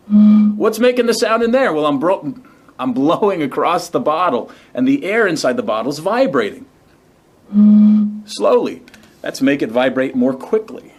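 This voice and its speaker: A man hosting a science demonstration show, explaining step by step with enthusiasm. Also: mid-range voice. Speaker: science demo host. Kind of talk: upbeat educational demonstration.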